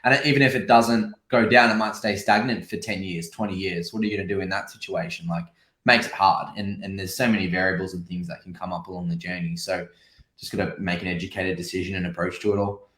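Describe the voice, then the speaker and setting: A man's voice: low voice, steady tone, quick pace, fairly bright tone. An Australian man co-hosting a casual podcast who explains things steadily and works through a list of points. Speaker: podcast co-host. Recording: roomy echo.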